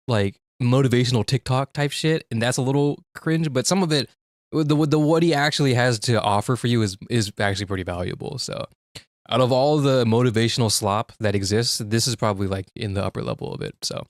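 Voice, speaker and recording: A man's voice: medium pitch, fairly even intonation, dry recording. Frank young man, dry close sound. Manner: frank, profane, with quick restarts. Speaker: streamer. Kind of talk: casual chat.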